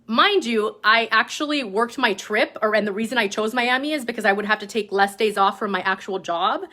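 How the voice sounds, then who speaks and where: Animated woman telling her story. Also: on the high side, brisk. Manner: animated, lots of "like" and "right?"; acts out quoted dialogue in other voices. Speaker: direct-sales team leader. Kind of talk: casual motivational storytelling.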